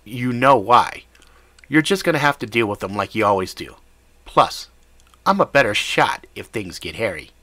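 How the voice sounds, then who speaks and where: A man voicing a foul-mouthed, excitable male sidekick who swears and panics easily. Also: lowish voice, moderate pace, dry recording. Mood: insistent. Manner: excitable, swearing, talks over the speaker.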